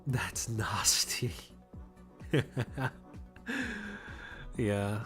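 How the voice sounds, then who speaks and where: A young man from Australia with a polished Australian accent, chatting casually on a livestream. He rambles, laughs often, repeats words as he starts sentences, and enunciates crisply. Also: on the low side, drawn-out words, a bit bright, faint music behind. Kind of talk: casual livestream chat, reading chat.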